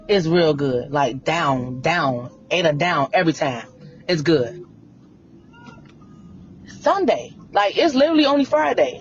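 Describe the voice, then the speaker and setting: A woman vents in a heated livestream rant, blunt and confrontational, hammering the same points again and again. Her voice is fairly low, the highs are cut off, and there's a little hiss or hum.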